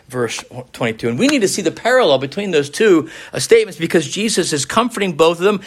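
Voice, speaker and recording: Guy preaching a sermon, kinda high voice, earnest, lots of restarts. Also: a bit bright. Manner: earnest preaching with frequent restarts and scripture quotes. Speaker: pastor.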